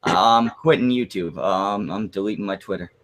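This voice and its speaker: A man's voice: low-pitched, normal speed. A male streamer talking in a casual comedy bit, hesitant and stammering.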